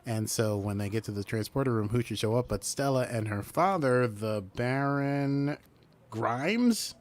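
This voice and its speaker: A man's voice: medium pitch, unhurried. A man co-hosting a podcast, recapping a TV episode in casual chat and acting out the characters' lines as he goes. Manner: animated, acts out character lines while recapping. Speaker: podcast co-host.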